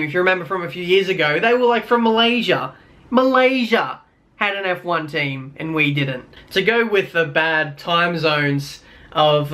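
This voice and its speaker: Young aussie guy rambling on his vlog, bright voice, lots of likes and ums. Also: fairly high pitch. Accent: Australian. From Australia. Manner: rambling, filler-heavy, wry complaining. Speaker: YouTuber. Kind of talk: casual vlog rant.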